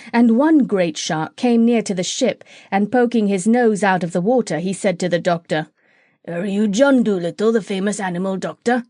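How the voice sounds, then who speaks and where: A woman's voice: mid-range voice, dry recording. Woman narrating a storybook, dry sound. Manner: clear, steady reading. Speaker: audiobook narrator.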